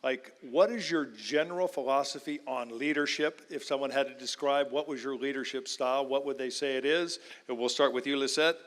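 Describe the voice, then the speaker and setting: A man's voice: medium pitch, fairly quick, few pauses, fairly bright tone. A man moderating a conference panel in a friendly, orderly way, introducing the questions. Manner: friendly, orderly, directing the session. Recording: reverberant hall.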